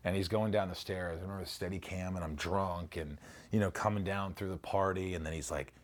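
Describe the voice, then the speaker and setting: A middle-aged man reminisces in a relaxed interview, his voice sitting a little low. He tells stories with energy, swears freely and bursts into acted-out lines. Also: fairly quick. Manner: animated storyteller, swears freely, acts out lines. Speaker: actor interviewee.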